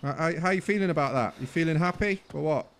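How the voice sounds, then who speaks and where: A young man with a British accent, commentating his gameplay with cheeky humour and getting loud and exasperated when ignored. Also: a little high, quick pace. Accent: British English. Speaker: gaming YouTuber.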